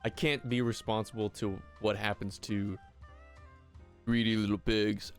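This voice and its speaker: A man voicing a nerdy, sinister boy businessman in a flat, deadpan delivery. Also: fairly low pitch, a little slow, faint music behind, lightly acted.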